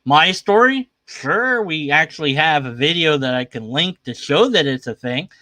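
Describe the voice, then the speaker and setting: Reacting to a video on his livestream, a man rambles and argues in a casual, skeptical way. He speaks in a high, sharp voice, captured in a dry recording.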